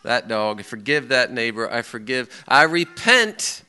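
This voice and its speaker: A man's voice: medium pitch, unhurried, clear, resonant tone. A middle-aged man preaching a sermon, acting out people's outbursts and prayers as he speaks. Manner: animated, acts out quoted people and prayers.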